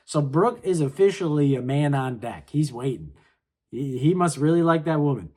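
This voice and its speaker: A man's voice: on the high side, lively intonation, moderate pace, dark tone. A man casually chatting his way through a comic chapter, laid-back and full of slangy filler. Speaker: manga reaction host. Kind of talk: casual chapter read-along commentary.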